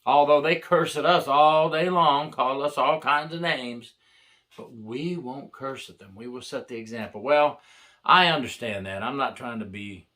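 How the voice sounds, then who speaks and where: A man's voice: mid-range voice, bright, forceful tone. Blunt older man telling prison stories. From United States. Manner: blunt, wry, plainspoken. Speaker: retired corrections officer sharing stories. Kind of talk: casual storytelling to camera.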